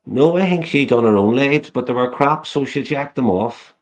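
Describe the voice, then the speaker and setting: A man's voice: mid-range voice, expressive, normal speed. A man chatting on a live stream, teasing others crudely and swearing constantly. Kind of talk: casual chat.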